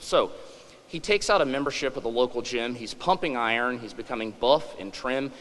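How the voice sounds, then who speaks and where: A man's voice: mid-range voice, a bit bright, in a large hall, low-quality recording. A man in his forties giving a humorous public lecture, wry and self-deprecating. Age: 40s.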